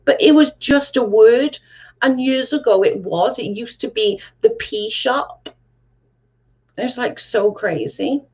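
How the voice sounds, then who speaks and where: A woman's voice: a little high, takes it slowly, a little mellow, breathy edge. Blunt, swearing woman chatting. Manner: blunt, swears freely, lots of "like". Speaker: livestream host reading chat. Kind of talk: casual chat. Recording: dull lo-fi sound.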